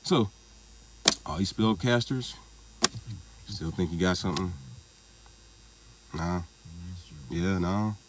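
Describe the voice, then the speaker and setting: Low-voiced man in a rambling profane vlog. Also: slow pace, pauses often, background noise. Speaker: vlogger. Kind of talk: casual monologue vlog.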